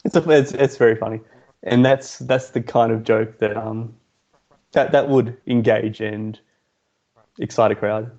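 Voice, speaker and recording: Deadpan man, dark muffled sound. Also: medium pitch, a little slow. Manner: deadpan, setup-and-punchline delivery. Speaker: podcast co-host. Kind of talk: casual comedy podcast chat.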